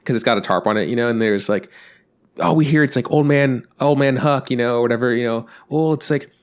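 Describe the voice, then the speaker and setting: Animated, cursing male podcast host. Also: mid-range voice, fast. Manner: animated storyteller, swears freely. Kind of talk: casual chat.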